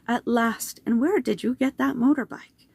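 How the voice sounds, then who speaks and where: A woman voicing a wise, calm old male wizard headmaster in a storybook reading, measured and even. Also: on the high side, creaky, breathy edge.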